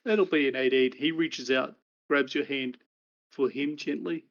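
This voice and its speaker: A man's voice: mid-range voice, unhurried. A man narrating as game master, describing scenes and voicing characters. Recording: dull lo-fi mic.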